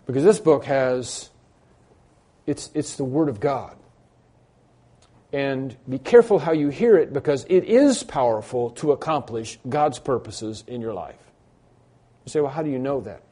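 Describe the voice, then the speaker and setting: A man's voice: medium pitch, lively intonation, a little slow, long pauses, dark tone. A man preaching an expository sermon in a conversational way, repeating key phrases for emphasis and poking fun at himself. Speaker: pastor.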